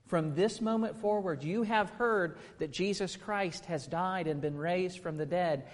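A man's voice: high voice, unhurried, long reverb tail. A man in his thirties preaching a sermon, earnest and emphatic, asking rhetorical questions.

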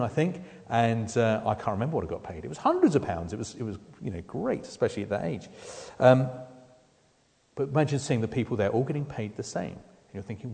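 A man preaches a sermon in a slightly low voice, talking with his listeners and asking them questions. His voice carries a long reverb from a large hall. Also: darkish tone. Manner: conversational, asks the listeners questions.

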